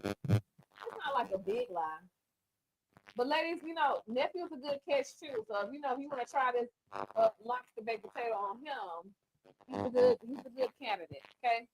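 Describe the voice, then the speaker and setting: A woman's voice: a little high, wildly swooping pitch, moderate pace, a little hiss or hum, low-quality recording. A woman chef hosting a casual cooking show, chatting playfully and teasing her guests while she cooks. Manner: playful, teasing, Southern-style slang. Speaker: chef and podcast host.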